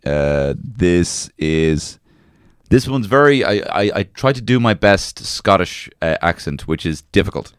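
Deep-voiced, rambling man. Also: lively intonation, unhurried, clear, resonant tone, no echo, clean studio sound. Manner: rambling, with frequent fillers and laughs. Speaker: podcast co-host. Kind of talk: crude comedic banter.

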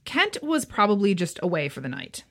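A woman's voice: mid-range voice, very animated, fairly quick, fairly bright tone. A woman co-hosting a history podcast, telling the story with playful, joking asides. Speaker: podcast co-host. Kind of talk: casual history podcast chat.

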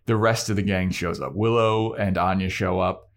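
A man's voice: low voice, normal speed. A man co-hosting a podcast, casually recapping a TV episode and acting out the characters' lines with energy. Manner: animated, acts out the characters' lines. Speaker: podcast co-host.

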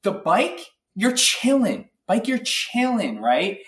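A man telling an animated, filler-heavy story as a guest in a casual interview. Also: high voice, slow pace, roomy sound, distant mic. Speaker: guest athlete.

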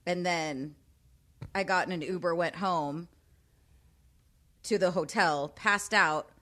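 Woman, late 30s, co-host, bright forceful voice, rambling storyteller. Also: on the low side, slow. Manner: rambling storyteller, often trails off softly. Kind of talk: casual chat.

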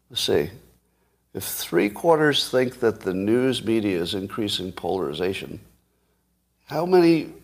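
A man in his sixties hosting a live stream, talking in a sarcastic, mocking way. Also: on the low side. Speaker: podcast host.

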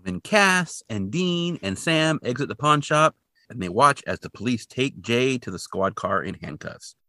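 Gravelly man recapping with animated delivery. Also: medium pitch, a little slow, dry recording. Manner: animated storytelling, dry asides. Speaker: podcast co-host. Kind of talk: casual episode recap.

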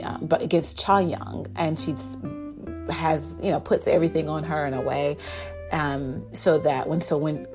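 Low-voiced woman chattily recapping a drama. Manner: chatty and animated, heavy on "like" and "basically". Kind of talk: casual episode recap. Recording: guitar music underneath.

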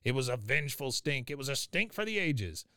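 A man voicing a belligerent old grandfather who barks orders in a gruff, sneering way. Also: medium pitch, big pitch swings, a little fast, pushed and bright, no echo, clean studio sound. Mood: cranky.

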